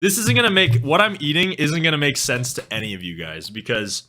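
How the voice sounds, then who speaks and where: Brisk and sharp-toned, this fairly high-pitched voice with lively intonation belongs to a young western Canadian music streamer. Speaking with a Canadian accent, he chats rambly with his live chat, swearing offhandedly and losing his thread.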